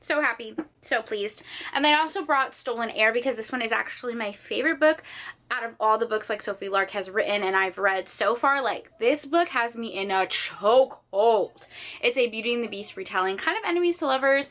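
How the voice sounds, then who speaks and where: A woman's voice: on the high side, a bit bright. A young woman chatting in a bubbly, gushing way for her book haul vlog, telling dramatic stories from her room. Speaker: book vlogger. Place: sitting on the floor of her room.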